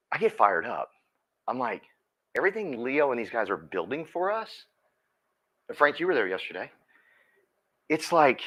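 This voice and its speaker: Energetic folksy man, motivational talk. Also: medium pitch. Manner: energetic, folksy, repeats words, laughs often. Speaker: team leader speaking at a company meeting.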